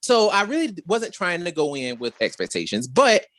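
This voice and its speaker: A man co-hosting a podcast, talking in an animated, expressive storytelling way in casual chat. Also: sits high, moderate pace, dry recording. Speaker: podcast co-host.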